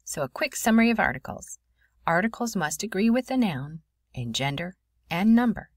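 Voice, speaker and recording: A woman teaching a French grammar lesson in a clear, explanatory voice. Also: mid-range voice, very animated, moderate pace, no echo, studio quality. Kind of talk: recorded classroom lesson.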